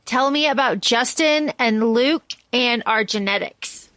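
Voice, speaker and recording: A woman co-hosting a podcast, chatting casually about a book, animated and often restarting her sentences. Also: a little high, a little slow, no room sound. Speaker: podcast co-host.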